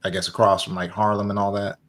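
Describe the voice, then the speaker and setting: A man's voice: on the low side, level tone, fast, fairly bright tone. A man in a casual podcast chat, explaining things at length in an easygoing way. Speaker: podcast guest.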